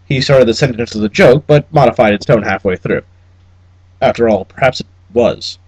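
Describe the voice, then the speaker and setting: A man reading an audiobook aloud in an expressive, wry narration style. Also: mid-range voice, brisk, slightly rough, no echo, low-quality recording. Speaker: audiobook reader.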